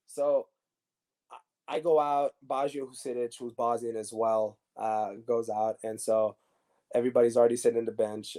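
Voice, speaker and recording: A man, a former pro soccer player, telling stories casually as an interview guest and acting out the dialogue. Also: mid-range voice. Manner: animated storyteller acting out dialogue.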